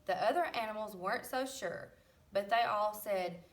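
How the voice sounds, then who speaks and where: A woman reads a picture book aloud to children, stopping to ask them questions and giving the farm animals lively voices. Her voice is medium-pitched and recorded from a distance.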